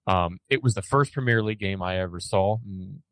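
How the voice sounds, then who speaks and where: A man's voice: low voice, brisk, fairly bright tone, no echo. A man hosting a casual sports podcast, rambling through news with many fillers and restarts. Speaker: podcast host.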